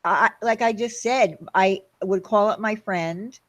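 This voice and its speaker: A woman's voice: medium pitch, unhurried. Chatty New York woman hosting a video call. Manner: chatty, animated storytelling. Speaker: host. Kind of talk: casual chat.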